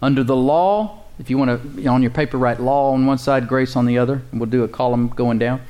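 A man preaches a sermon as pastor, calling out to the congregation and slowly repeating key phrases in a steady, warm, medium-pitched voice.

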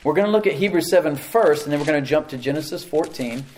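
A middle-aged male pastor delivers a sermon in a relaxed, conversational way, often turning to the congregation with questions. His voice sits a little higher than most men's. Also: fast, a little hiss or hum.

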